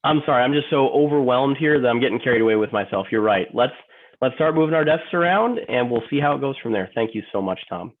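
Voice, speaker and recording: A man's voice: medium pitch, expressive, fast, slight background noise, lightly acted. A man playing an emotional office worker in a training role-play, stammering, repeating himself and apologizing over and over. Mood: grateful. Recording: tinny phone-like line.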